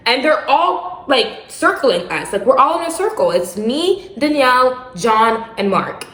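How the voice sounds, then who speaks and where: A young adult woman casually telling a dramatic personal story for her vlog, animated and slangy with bursts of laughter. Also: sits high, measured pace. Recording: roomy echo.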